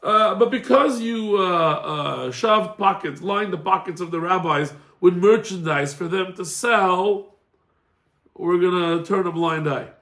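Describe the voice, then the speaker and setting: A man, a rabbi, giving a casual class and telling stories, acting out the people in them with animated voices. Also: sits high, measured pace, vocal fry. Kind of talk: casual Torah class with storytelling. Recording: echoey room.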